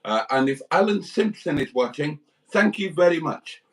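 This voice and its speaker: British man, livestream host, chatty rambling anecdotes, animated, slightly distant mic. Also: on the high side, moderate pace. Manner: rambling anecdotes, calls viewers darlings. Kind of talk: casual livestream chat.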